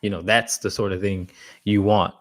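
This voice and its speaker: A male dog trainer answers questions in a relaxed live session. His voice sits on the low side. He talks bluntly and conversationally, often restarting his sentences. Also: normal speed. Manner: blunt, casual, frequent restarts. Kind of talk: live Q&A talk.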